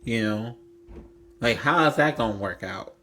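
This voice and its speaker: A man's voice: medium pitch, expressive, a little slow, pushed and bright. Blunt, rambling man reading tarot. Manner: rambling, blunt, swears freely, lots of "like". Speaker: tarot reader.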